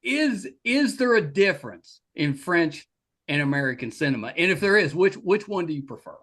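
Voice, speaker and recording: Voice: mid-range voice, very animated, moderate pace, a bit bright. A podcast host asking questions in a casual interview, often repeating words while getting started.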